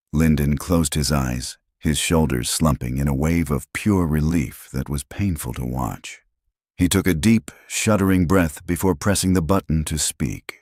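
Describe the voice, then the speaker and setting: Extremely deep-voiced male story narrator. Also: normal speed, darkish tone, no room sound, studio quality. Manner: dramatic, suspenseful delivery.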